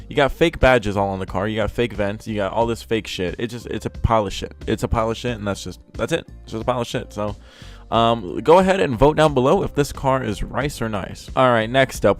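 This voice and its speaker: A young man at home tears into cars in a loose, swear-heavy commentary. His voice sits at an ordinary middle pitch, and he keeps snapping from flat, fed-up grumbling into loud, exasperated bursts. Faint music plays underneath. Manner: profane, exasperated, swings into loud outbursts. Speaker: car reviewer. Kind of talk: casual ranting commentary. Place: home room.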